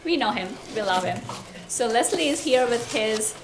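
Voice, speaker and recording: A woman's voice: fairly high pitch, animated, moderate pace, noisy background. A woman hosting a community chat, friendly, thanking and introducing speakers. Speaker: event host.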